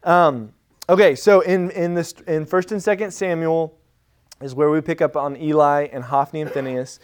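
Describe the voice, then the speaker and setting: A man's voice: a little high, steady tone, normal speed, clear, resonant tone. A man preaching a sermon as a pastor, in a casual, conversational manner with frequent fillers and restarts.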